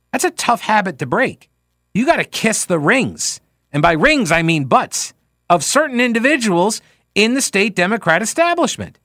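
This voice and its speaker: A man hosting talk radio, mocking and wry as he reacts to clips. His voice sits high and swings widely in pitch. The sound is dry and close to the mic. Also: no echo. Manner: mocking, wry, animated interjections. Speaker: radio talk show host. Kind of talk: sarcastic political commentary.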